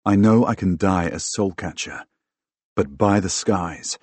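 A man narrating a first-person fantasy audiobook in a dramatic, expressive way, recorded close on a studio microphone. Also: low-pitched, husky, no echo. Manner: dramatic, expressive, bursts into loud shouts in dialogue.

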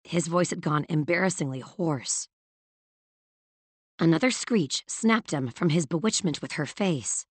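A woman narrates a novel in a measured, even manner with a lowish voice. Her reading is steady and close to the mic. The sound is dry, with no room echo. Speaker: audiobook narrator. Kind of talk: scripted narration.

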